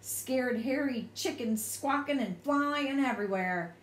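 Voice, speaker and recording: Woman reading an expressive bedtime story. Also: high-pitched, a little slow. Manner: lively, expressive read-aloud. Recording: echoey room.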